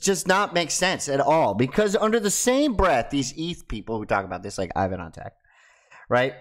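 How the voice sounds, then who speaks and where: A man hosts his own crypto video, talking casually to the camera and ranting in a mocking way. His medium-pitched voice is sing-song and a bit bright, at a moderate pace.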